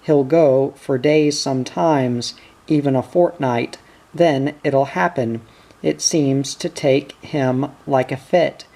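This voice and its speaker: A troubled country wife pours out her worries about her husband at a slow, weighed pace. An audiobook reader voices her in a plain, everyday register with a middle pitch, without a strongly put-on voice. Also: steady tone, creaky, warm tone.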